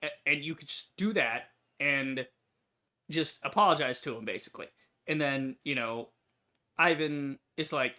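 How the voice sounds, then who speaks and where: Young guy rambling over a video game, bright voice, lots of likes and ums. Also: medium pitch, normal speed. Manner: rambling, talkative, many fillers and restarts. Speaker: gaming YouTuber. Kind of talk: casual gameplay commentary.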